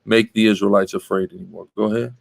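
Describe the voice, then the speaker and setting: Leading a Bible class, this teacher is forceful and reproachful, punctuating statements with a quick "right?" and interrupting to have the reader keep going. His voice sits on the low side, level in tone, with vocal fry.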